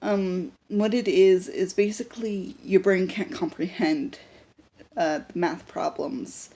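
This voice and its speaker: A woman's voice: lowish voice, fairly even intonation, slow pace, mellow. A young woman talking unscripted to a handheld camera in a personal vlog, rambling with lots of fillers and restarts. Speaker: vlogger.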